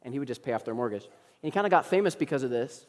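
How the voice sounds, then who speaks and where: Preaching in a church sanctuary, a young adult man who serves as a young adults pastor delivers his sermon as a story, with humorous asides and acted-out dialogue. His medium-pitched voice is expressive and racing, and the recording carries a long hall reverb.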